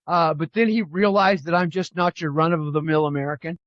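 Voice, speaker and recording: A man's voice: fairly high pitch, steady tone, brisk, dry recording, highs cut off. A man co-hosting a podcast, chatting casually about politics and telling stories, rambling, repeating himself and firing off emphatic rhetorical questions. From California. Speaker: podcast co-host.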